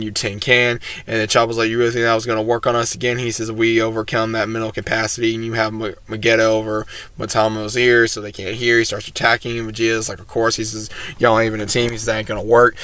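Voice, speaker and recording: A man hosts his own video and walks through an episode in a loose, rambling recap full of fillers and "he says". His voice sits low and stays flat and level in pitch. The recording is dry, with no room sound. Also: clear, resonant tone, no room sound. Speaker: host.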